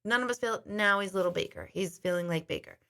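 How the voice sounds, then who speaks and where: A woman's voice: mid-range voice, fast, sharp tone. A middle-aged woman host chatting casually to her viewers, telling a long rambling story. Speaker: intuitive host.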